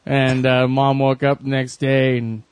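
A man's voice: medium pitch, monotone, measured pace, smooth, no room sound. A man in casual chat who laughs often and tells a dirty joke.

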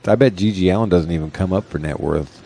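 A man's voice: deep voice, fast talker, gravelly, mellow. A man hosting a casual comedy podcast, crude and joking, laughing often as he talks. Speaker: podcast host and stand-up comic.

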